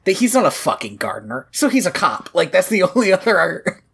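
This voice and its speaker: A woman's voice: lowish voice, a little fast, vocal fry, slightly rough. A woman co-hosting a casual podcast, recapping a movie with laughter and joking asides. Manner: animated, laughing, swearing, quoting lines in funny voices. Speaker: podcast co-host.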